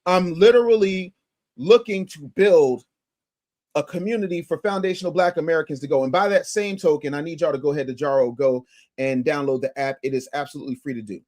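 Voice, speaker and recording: A man's voice: on the high side, fairly quick, a little mellow. A man hosting a live stream, reacting to a clip and reading viewer super chats aloud with energy. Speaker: livestream host.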